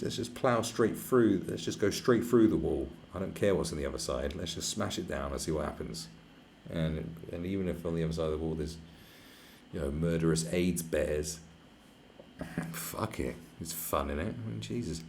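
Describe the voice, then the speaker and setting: A young man with a very low, gravelly voice rants crudely on a livestream. He rambles and puts on mock outrage, sometimes dropping into mocking voices. A faint ambient noise hums behind him. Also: moderate pace, darkish tone. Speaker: livestream host. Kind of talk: profane comedic rant on a livestream.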